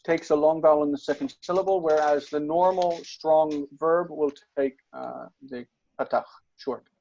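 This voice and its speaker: A man's voice: fairly high pitch, steady tone, moderate pace, vocal fry, a little mellow, highs cut off, a little hiss or hum. A man tutoring Biblical Hebrew grammar, patient and explanatory, checking in often with his students. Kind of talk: online tutoring session.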